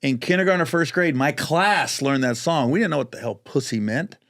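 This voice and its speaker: A man chatting as a guest on a podcast, telling a story with lively energy, acting out other people's voices and laughing often as he talks. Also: a little high, brisk. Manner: animated storyteller who acts out other voices; laughs often while talking. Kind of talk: casual podcast chat.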